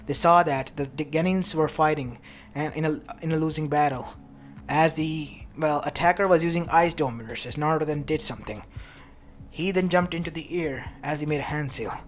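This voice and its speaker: A man narrating a fan fiction story, stumbling and restarting now and then. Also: fairly high pitch. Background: lo-fi background music.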